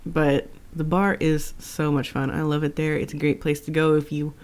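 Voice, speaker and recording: A man's voice: on the high side, level tone. A man co-hosting a podcast, chiming in with teasing, playful banter. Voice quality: teasing, quick interjections. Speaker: podcast co-host. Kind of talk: casual banter.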